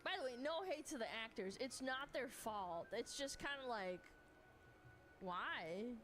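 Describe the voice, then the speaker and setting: A woman streamer giving excitable livestream reaction commentary, laughing often and swearing freely. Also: on the high side, measured pace, soft background music.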